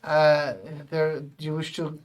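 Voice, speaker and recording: A man's voice: fairly high pitch, completely flat delivery, slow pace, clean tone, distant mic. A man voicing a nervous young man with a faint foreign accent, stammering as he offers help. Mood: flustered. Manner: hesitant, stammering.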